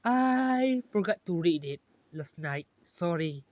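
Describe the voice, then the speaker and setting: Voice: medium pitch, lively intonation, slow, darkish tone, no echo. Stubborn overworked teen heroine, as a narrator reads her. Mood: defensive. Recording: dull, dry lo-fi recording.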